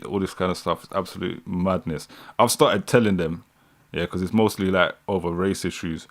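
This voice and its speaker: A man's voice: low-pitched, steady tone, moderate pace. A young British man with a London street accent hosting a live reaction stream, mocking what he watches, laughing often and talking to his chat. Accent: British, London street style. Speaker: livestream host reacting to news.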